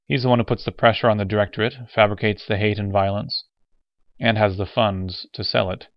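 A man voicing a calm, weary male driver who explains things mildly in an audiobook. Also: on the low side, a little fast, no echo, lo-fi sound, natural voice. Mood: earnest. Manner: mild, explaining.

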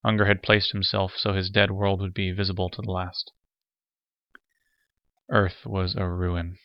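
Man reading a sci-fi story, low steady voice, dry kinda muffled audio. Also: a little slow, no echo. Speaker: narrator. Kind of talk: scripted narration.

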